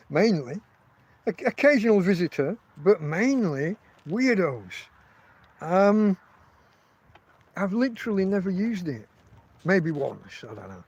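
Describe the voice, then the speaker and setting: A man with an English accent talks casually on a livestream from inside his tent. His voice sits high for a man, and he rambles through profane stories, stopping and restarting his sentences. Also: sing-song, slow pace, pauses often, a little mellow, slightly rough, no echo, dull audio. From England. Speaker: podcast host.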